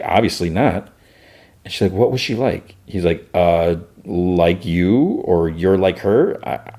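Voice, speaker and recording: Male podcast host, deep voice, casual scene-by-scene recapper, swaps in "fudge" for swears. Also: darkish tone. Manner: breezy retelling of scenes, peppered with "like"; says fudge for swear words.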